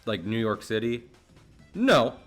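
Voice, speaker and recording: Man from New Jersey, lowish voice, rambling livestream chat, laughs a lot, faint music behind. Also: big pitch swings, slow, fairly bright tone. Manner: rambling, laughs often, swears casually. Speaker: streamer.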